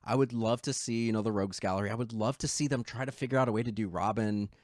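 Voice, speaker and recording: Male podcast co-host, low voice, casual and excited, dry close mic. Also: fast, no echo. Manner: enthusiastic, swears casually, acts out quotes. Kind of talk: casual film discussion.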